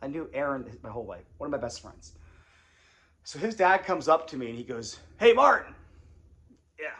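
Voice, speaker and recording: A man's voice: mid-range voice, expressive, brisk, fairly bright tone. A man and former congregation elder telling his story in a casual, confessional way, rambling and repeating phrases.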